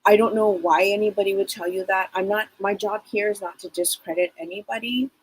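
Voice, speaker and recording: A woman's voice: mid-range voice, steady tone, brisk, breathy edge, rough recording. A middle-aged woman hosting a live psychic reading broadcast, rambling casually with many fillers. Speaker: psychic show host.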